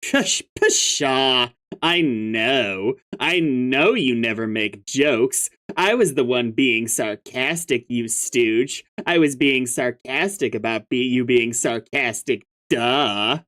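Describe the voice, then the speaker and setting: A man's voice: mid-range voice, expressive, slow, hardly any pauses, a bit bright, voice pushed down. A man voicing a brash, sarcastic young female troll who mocks and schemes. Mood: mocking.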